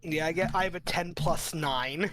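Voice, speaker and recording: High-voiced player over keyboard clatter. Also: male voice, normal speed, very noisy. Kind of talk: casual chat during a tabletop game.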